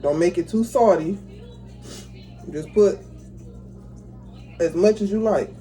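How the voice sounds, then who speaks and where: A relaxed, mellow voice of a home cook walking viewers through a recipe. The talk is casual and chatty, with easy laughs between steps. Soft music plays faintly behind. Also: mid-range voice, slow pace, rough recording. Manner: chatty, talks viewers through each step, laughs easily. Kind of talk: casual cooking tutorial. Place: home kitchen.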